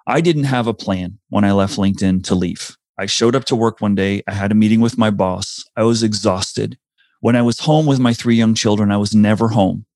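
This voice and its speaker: A man's voice: on the low side, moderate pace, a little mellow, dry recording, studio quality. A man, likely in his forties, telling a personal career story in an earnest, reflective way, often restarting his sentences. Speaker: speaker sharing a career story.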